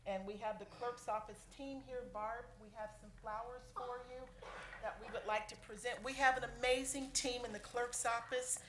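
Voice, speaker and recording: A woman serving as city clerk gives a heartfelt, halting tribute at a council meeting, pausing often and fighting back tears. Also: on the high side, steady tone, a crowd in the background. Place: council chamber. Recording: echoey chamber with faint room noise.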